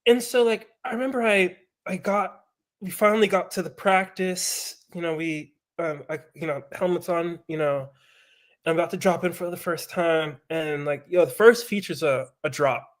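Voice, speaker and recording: A man's voice: on the high side, normal speed. A man, a pro mountain biker, telling a story in casual chat with swearing and acted-out quotes. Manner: animated, swears, acts out quoted voices.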